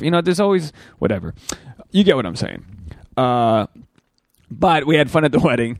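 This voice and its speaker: A man in his thirties hosting a solo podcast, rambling crude stories in a loose, animated way with sudden jumps up in pitch. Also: normal speed, creaky, pauses often, no echo, clean studio sound. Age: 30s. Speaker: podcast host.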